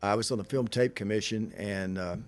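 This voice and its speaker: A man's voice: fairly low pitch, fairly even intonation, fairly quick. A male guest in casual conversation, telling rambling anecdotes. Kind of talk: casual chat.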